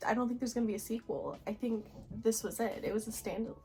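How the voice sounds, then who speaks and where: A young woman in her twenties talking excitedly to camera about books at home, gushing with lots of filler words. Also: fairly high pitch, fast talker, soft background music. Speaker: book vlogger. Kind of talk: casual reading vlog chat.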